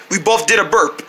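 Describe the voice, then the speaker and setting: Male storyteller, high and very bright, playful run-on story skit. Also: a little hiss or hum. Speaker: storyteller voicing a character. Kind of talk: rambling first-person story skit.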